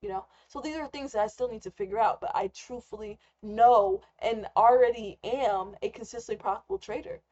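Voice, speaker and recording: A woman's voice: on the high side, fairly quick, hardly any pauses, a little mellow. A young woman rambling candidly in an unscripted live rant as a trader, swearing freely. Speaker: trader and vlogger. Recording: slightly muffled lo-fi recording.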